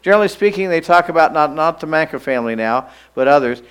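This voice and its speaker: A man preaching a sermon in a church, emphatic, slowing down to stress key lines and having the listeners repeat phrases after him. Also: on the high side, expressive, fairly bright tone, clean tone, rough recording.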